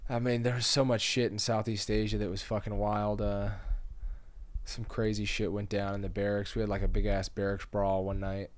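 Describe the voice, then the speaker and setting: A young man, a comedian guest, telling rambling, profane stories in a casual podcast chat and loudly acting out the voices he quotes. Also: on the low side, flat delivery, normal speed, dry recording.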